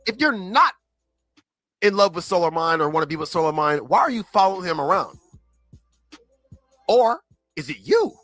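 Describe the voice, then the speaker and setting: Animated man rambling on a livestream. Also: sits high, moderate pace, pauses often, no echo, soft background music, low-quality recording. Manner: rambling, slangy, full of filler words. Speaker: livestream regular reading chat. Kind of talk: casual livestream chat.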